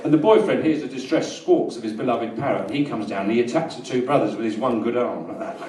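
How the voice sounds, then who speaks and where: A man with a London accent doing a rambling stand-up routine in a small live venue, telling absurd stories in a dry, deadpan way. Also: medium pitch, quick pace. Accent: London English. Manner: rambling deadpan storytelling, bursts into loud rants. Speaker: stand-up comedian. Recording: roomy live recording from a distance, audience laughter. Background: audience laughter.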